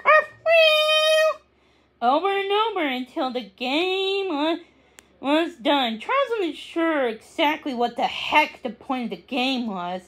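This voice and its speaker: A woman reading a children's book aloud, unhurried, with small slips and restarts. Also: high-pitched. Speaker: story reader.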